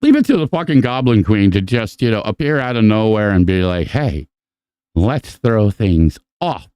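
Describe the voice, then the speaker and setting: A man hosting a live podcast, chatting casually and profanely while giving rambling shout-outs. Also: fairly low pitch, very animated, normal speed, clear, resonant tone, no room sound, clean studio sound. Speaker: podcast host. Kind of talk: casual live-stream chat.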